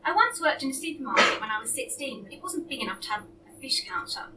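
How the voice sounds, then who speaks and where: A woman's voice: high-pitched, very animated, fast talker, recorded from a distance, noisy background. A woman reading a story aloud as narrator, in a dry, understated way. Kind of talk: audiobook reading.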